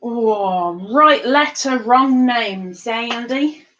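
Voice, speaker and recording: A woman hosting a live-streamed trivia game, chatty and playful, reading the questions out slowly. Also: fairly high pitch, expressive, fairly bright tone, muffled recording. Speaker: livestream quiz host.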